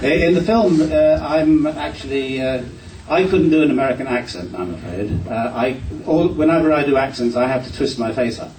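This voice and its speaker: An older man from Glasgow answers a fan question with self-deprecating humour, now and then stumbling over his first words. His middle-pitched voice comes from a distance in a reverberant hall, with faint background noise. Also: moderate pace, hardly any pauses. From Glasgow, Scotland. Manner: warm-hearted, self-deprecating, occasional stammering restarts. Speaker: panel guest actor. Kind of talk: anecdotal convention Q&A answer. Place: convention hall.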